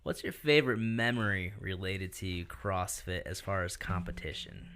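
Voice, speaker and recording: A man hosting a podcast, asking questions and adding quick, friendly comments in a casual chat. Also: deep voice, fairly bright tone, slight background noise. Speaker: podcast host. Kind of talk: casual interview.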